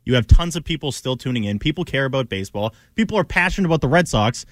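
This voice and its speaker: Male podcast guest, opinionated, rapid and lively delivery. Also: medium pitch, no echo. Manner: quick, animated, opinionated. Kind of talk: casual sports talk.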